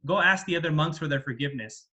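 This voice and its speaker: A man voicing a calm, wise male teacher who gently corrects a proud student. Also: a little high, quick pace. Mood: instructing.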